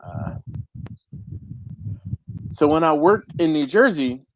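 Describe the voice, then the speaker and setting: A man's voice: a little high, expressive, slow, rough recording. A man from Philadelphia with a Philadelphia accent, telling stories in a casual chat on a live barbecue stream, laughing often and repeating himself.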